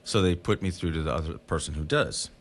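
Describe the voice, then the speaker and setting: A man's voice: sits low, brisk. A man guest on a podcast, telling his story casually and acting out the voices of the people in it.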